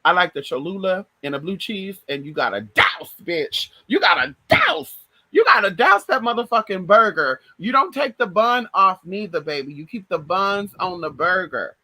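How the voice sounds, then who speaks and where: A woman's voice: low-pitched, bright, forceful tone, slightly rough, no echo, rough recording. Chatty swearing woman telling childhood stories. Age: adult. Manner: chatty, addresses viewers as y'all and girl, swears freely. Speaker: vlogger. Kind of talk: casual storytelling chat.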